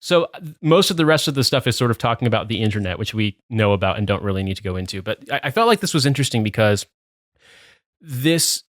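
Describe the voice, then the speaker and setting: A man's voice: lowish voice, animated, fast, no echo, studio quality. A man hosting a podcast chat, reading a news article aloud with sardonic asides and swearing. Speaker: podcast host.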